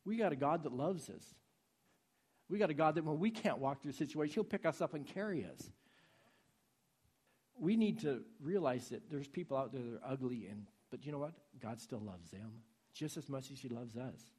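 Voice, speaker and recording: Husky impassioned male preacher. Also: medium pitch, lively intonation, normal speed. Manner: impassioned, swings from soft pleading to loud urging. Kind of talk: sermon.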